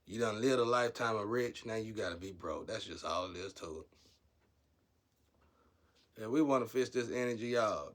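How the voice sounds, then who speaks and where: Man, low voice, casual spiritual monologue, rambling, blunt, preachy, rises to heated outbursts. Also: a bit bright.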